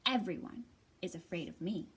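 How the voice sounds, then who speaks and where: A woman voicing a tiny, clever, boastful male mouse in a children's storybook reading, high and cheeky. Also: lively intonation, normal speed, a bit bright, husky, exaggerated voice.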